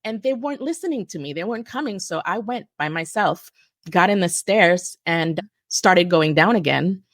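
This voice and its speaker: A woman in her forties, a guest telling a personal story in a halting way with restarts and self-corrections. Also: on the low side, expressive, no room sound, clean studio sound. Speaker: guest survivor.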